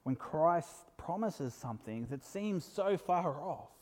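Preacher, man, earnest sermon delivery, warm mellow tone, soft asides and emphatic peaks, church-hall reverb. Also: fairly high pitch, expressive, slow pace.

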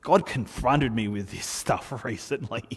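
A man preaching a sermon in a relaxed, conversational way, telling stories with lively asides. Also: mid-range voice, unhurried, husky, long reverb tail. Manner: conversational, animated storytelling with asides. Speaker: pastor.

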